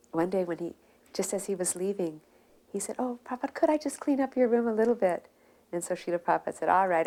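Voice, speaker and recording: Brief: woman in a low register, soft-spoken and relaxed, sharing remembered stories. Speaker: devotee recounting memories. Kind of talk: reminiscing storytelling.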